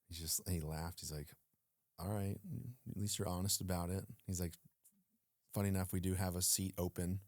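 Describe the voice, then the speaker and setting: A former Navy SEAL, appearing as a guest, tells a story casually in an interview. His voice is deep, his pace moderate, and he pauses often; the recording is dry with clean studio sound. He's animated, acts out quoted dialogue, and uses lots of fillers.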